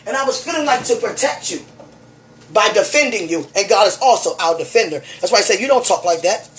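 A woman's voice: mid-range voice, lively intonation, brisk. A woman giving a fervent, emotional spiritual message to one listener, preaching and repeating her phrases.

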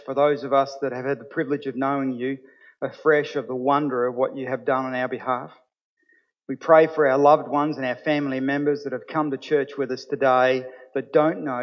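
Pastor preaching in a reverberant church. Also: male voice, mid-range voice. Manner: earnest, rising to emphatic preaching. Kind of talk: sermon. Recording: dull sound with long hall reverb.

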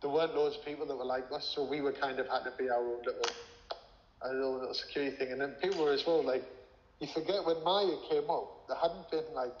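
A man's voice: mid-range voice, fairly even intonation, quick pace, a little hiss or hum. A man telling a personal story as an interview guest, rambling, swearing and full of filler words. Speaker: interview guest, former music manager. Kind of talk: casual storytelling. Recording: echoey room with long reverb, dull lo-fi sound.

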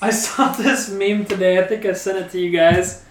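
A man's voice: high-pitched, steady tone, normal speed. A young man co-hosting a podcast, joking casually and laughing often. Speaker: podcast co-host. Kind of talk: casual chat. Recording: echoey room, far from mic, audible noise.

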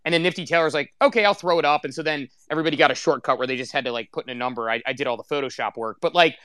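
A man on a casual panel, telling stories in an excited rush with a lot of "like". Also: mid-range voice, clean tone, no room sound. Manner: rapid, excited storytelling with lots of "like".

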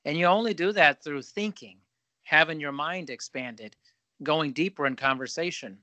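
A man's voice: on the high side, moderate pace, pushed and bright, dry recording. A man hosting a podcast, chatting casually, joking and riffing in long run-on thoughts. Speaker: podcast host. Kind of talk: casual interview chat.

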